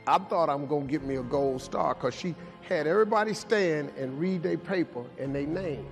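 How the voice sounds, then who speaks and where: A man's voice: fairly high pitch, normal speed, long reverb tail, faint music behind. A man giving a preached motivational speech, rhythmic and repeating lines for emphasis. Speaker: motivational speaker.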